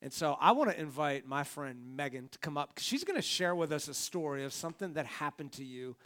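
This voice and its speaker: A man's voice: a little high, lively intonation, brisk, fairly bright tone. A man, the pastor, preaching a conversational sermon from a church stage and talking straight to his congregation.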